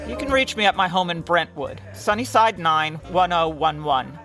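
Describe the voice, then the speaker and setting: An actor playing a blunt, tactless 1950s client who talks in brisk old-fashioned detective-story phrases, in a comedy audio drama. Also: mid-range voice, bright, forceful tone, soft background music, rough recording.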